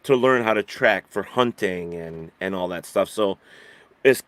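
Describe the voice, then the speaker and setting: A man's voice: deep voice, a little slow, a bit bright, no room sound. A man in casual chat who rambles with restarts and laughs easily.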